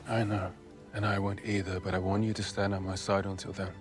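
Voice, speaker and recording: An actor playing a weary, earnest young male hero who speaks quietly and reflectively. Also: deep voice, little pitch movement, fairly quick, over music, natural voice.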